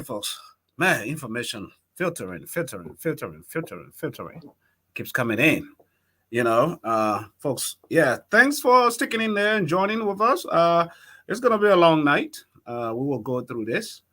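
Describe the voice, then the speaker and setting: A man hosting a live election night talk show, talking excitably and straight to his viewers. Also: mid-range voice, moderate pace. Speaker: host.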